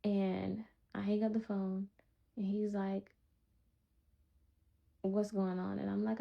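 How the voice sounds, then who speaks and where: A woman telling a personal testimony in a calm, blunt, straightforward way. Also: medium pitch, slow pace, creaky, long pauses. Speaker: vlogger sharing a personal testimony. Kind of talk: casual storytelling. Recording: dull lo-fi recording.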